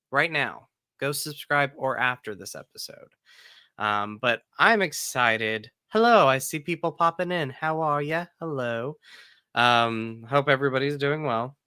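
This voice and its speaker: A man's voice: mid-range voice, unhurried, bright, forceful tone, smooth, dry recording. A man in his thirties hosting a casual live-stream podcast, chatty and upbeat, talking straight to his viewers. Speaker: podcast host.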